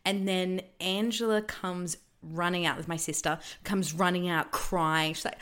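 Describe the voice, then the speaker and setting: Chatty woman, lowish voice. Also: a little slow, hardly any pauses, a bit bright, clear, resonant tone. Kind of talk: casual storytelling chat.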